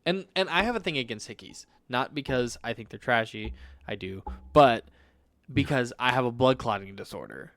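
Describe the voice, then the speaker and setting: A man talks on a podcast mic with a lively, swinging pitch, blunt and profane as he acts out the reactions in his stories. His voice sits at an ordinary middle pitch, and the recording is dry and close, with no room sound. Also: moderate pace, no echo. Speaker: podcast co-host. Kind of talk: casual chat. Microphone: studio microphone.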